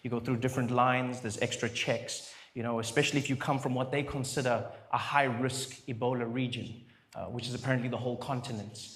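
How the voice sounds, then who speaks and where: A man's voice: mid-range voice, fairly even intonation, a little fast, fairly bright tone. A man from doing a stand-up comedy routine, telling stories animatedly and acting out voices, recorded in a noisy live venue. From South Africa.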